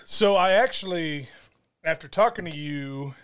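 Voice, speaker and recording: A man's voice: a little high, expressive, a little slow, a bit bright, clear, resonant tone. A man speaking bluntly as a guest on a movie podcast in casual chat. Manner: blunt, opinionated.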